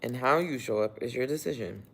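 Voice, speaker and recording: A man's voice: mid-range voice, brisk, gravelly, fairly bright tone. A man hosting a casual livestream, chatting and motivating viewers, reading their comments aloud and laughing often while he works. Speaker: livestream host.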